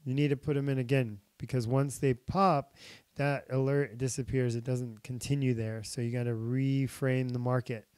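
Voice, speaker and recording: A man's voice: medium pitch, flat delivery, moderate pace, darkish tone, clear, resonant tone, no room sound. A young man hosting a casual trading tutorial, talking through charts with many fillers while he is losing his voice. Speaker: crypto trading channel host.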